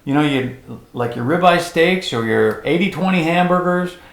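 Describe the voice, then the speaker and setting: Co-host, mid-pitched voice, reassuring yet insistent, echoey room sound. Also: expressive, moderate pace. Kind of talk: casual chat about diet.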